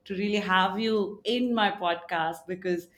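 A middle-aged woman hosts a podcast interview. She speaks slowly and earnestly, pausing on fillers and restarting her sentences. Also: mid-range voice. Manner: slow, hesitant, earnest. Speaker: podcast host.

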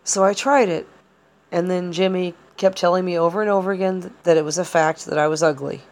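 A woman's voice: fairly low pitch, fairly even intonation, brisk, a little mellow. A woman hosting a podcast, talking through personal experiences in a rambling, hesitant way with many fillers and restarts. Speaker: podcast host. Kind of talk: personal monologue.

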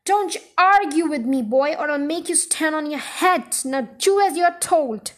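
A woman's voice: high-pitched, animated, measured pace. A woman voicing a huge, bullying headmistress who barks and bellows insults while reading a storybook aloud. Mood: bellowing, scornful. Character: huge bullying female headmistress, harsh and scornful.

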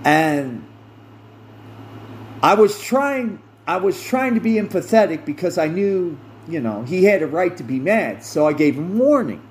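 A middle-aged man speaks slowly and deliberately, his fairly high voice rising and falling a great deal. He tells a personal story with earnest emphasis, repeating phrases to drive a point home. A faint air-conditioner hum sits behind him. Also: sing-song. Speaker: podcast host.

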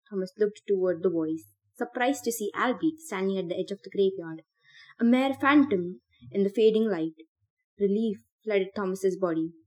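Woman narrator for a podcast book reading; expressive, warm mellow tone. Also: mid-range voice. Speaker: audiobook reader.

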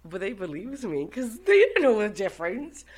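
A woman's voice: medium pitch, normal speed, rough recording. An Irish woman telling a personal story in a casual chat, with lots of swearing and laughter. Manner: animated, swearing, laughing often. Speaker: guest.

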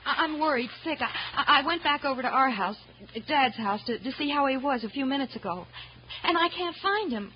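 A woman's voice: medium pitch, sing-song, measured pace, long pauses. An actress playing an anxious young woman who stammers and talks breathlessly in a 1950s radio western. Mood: worried. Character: anxious young rancher's bride. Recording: muffled old broadcast with faint hiss.

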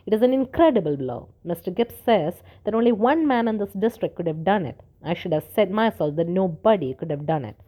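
A woman's voice: medium pitch, lively intonation, a little fast, hardly any pauses, warm tone, close to an everyday voice. Brief: woman reading as a bearded country doctor in a storybook, nervous but precise. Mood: grave. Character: tall, nervous black-bearded male doctor.

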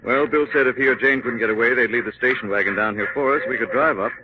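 An actor playing a calm, commanding gentleman detective in a 1940s radio drama. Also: mid-range voice, fast talker, muffled recording, a crowd in the background, close to an everyday voice.

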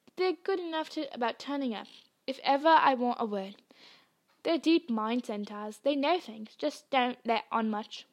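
A woman reading aloud and voicing a gruff, burly male gamekeeper with rough, folksy speech. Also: fairly high pitch, expressive, moderate pace. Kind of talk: audiobook reading.

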